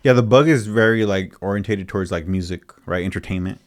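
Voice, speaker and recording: A man's voice: deep voice, fast talker. A young man hosting a podcast, telling stories in casual, slangy, profane talk. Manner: slangy, profane street storytelling. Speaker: podcast host. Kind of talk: casual storytelling chat.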